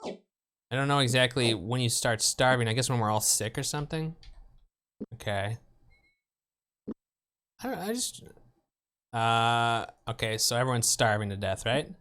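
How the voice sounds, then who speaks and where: A man's voice: medium pitch, lively intonation, measured pace, long pauses, fairly bright tone. A man streaming a retro game, thinking aloud in a rambling, unsure way and asking his viewers questions. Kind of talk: casual let's play commentary.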